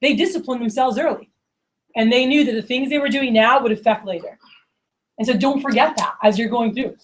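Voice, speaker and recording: A woman's voice: fairly high pitch, a little fast, slight background noise. A woman, giving a casual motivational talk to her team at a meeting, full of "like" and "you know". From Miami. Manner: casual and chatty, lots of "like" and "you know", acts out quoted friends. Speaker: division leader giving opening remarks.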